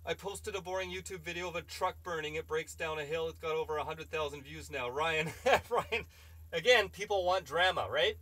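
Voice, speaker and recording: A man's voice: a little high, moderate pace, sharp tone, no room sound. A man hosting a live stream, reading chat questions and rambling through opinionated casual answers.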